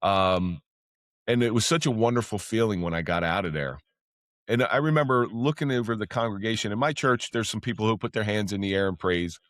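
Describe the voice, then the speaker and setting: A man who used to be a police officer, a podcast guest telling stories in casual talk. He speaks candidly, swears freely, and his voice jumps up when he gets excited. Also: on the low side, fairly quick, no room sound, clean studio sound. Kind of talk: casual storytelling.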